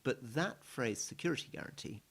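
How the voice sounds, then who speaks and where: A British man co-hosting a political podcast, recounting events in a measured way. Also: medium pitch, animated, fairly bright tone, husky. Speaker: podcast co-host.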